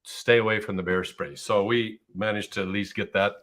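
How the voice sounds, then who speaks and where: Low-voiced man telling a camping story. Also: fairly even intonation, normal speed, a bit bright. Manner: laughs easily, storytelling. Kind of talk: casual conversation.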